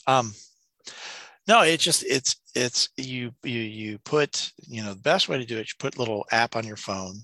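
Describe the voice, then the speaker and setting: A man talking in a bright, forceful voice that sits close and dry on the mic. He co-hosts a casual podcast and tells animated stories, working himself into rants with some profanity. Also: medium pitch, moderate pace, no room sound. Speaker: podcast co-host. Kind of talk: casual chat.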